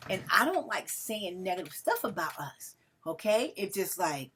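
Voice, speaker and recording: A woman's voice: medium pitch, big pitch swings, moderate pace, fairly bright tone, husky. A woman vlogging to her followers in a casual, emotional monologue, calling herself melodramatic and talking to viewers as family. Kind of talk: casual direct-to-camera monologue.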